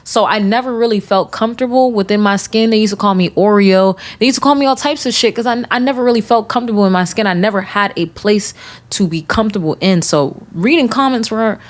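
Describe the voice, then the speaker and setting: A woman's voice: medium pitch, fast. A young woman hosting a podcast, talking candidly late at night, swearing and rambling with restarts, emotional and holding back tears. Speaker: podcast host. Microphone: recording herself on camera.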